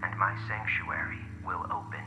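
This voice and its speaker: A man's voice: deep voice, little pitch movement, normal speed, noisy background, natural voice. A man voicing an obsessive, cryptic music director who recites grandly in a game audio log. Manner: grandiose, reciting, partly whispered.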